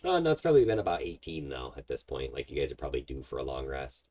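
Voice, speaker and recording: A man's voice: very deep voice, huge pitch swings, fast talker, darkish tone. A man narrating as game master of a tabletop game, explaining at length with many fillers. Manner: rambling, filler-heavy explaining.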